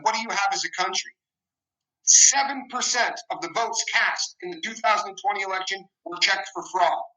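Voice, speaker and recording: A man's voice: high-pitched, normal speed, pushed and bright, low-quality recording. A man speaking to his viewers in an earnest, defensive way. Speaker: video maker. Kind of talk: talking to camera.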